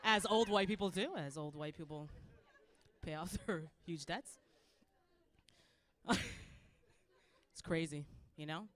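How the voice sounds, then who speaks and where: A woman from Canada in her thirties doing a stand-up set, acting out her kids and herself in loud, high voices. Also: takes it slowly, pauses often. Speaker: stand-up comedian. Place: comedy club stage.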